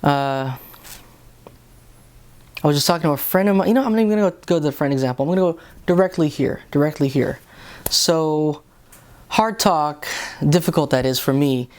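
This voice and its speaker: An earnest man talks through the day's scripture readings in a relaxed, personal way. He speaks casually and restarts phrases often as he gathers his thoughts. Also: fairly high pitch, fairly quick, long pauses. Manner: earnest, conversational, with many restarts. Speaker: lay reflection host. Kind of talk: personal Bible reflection.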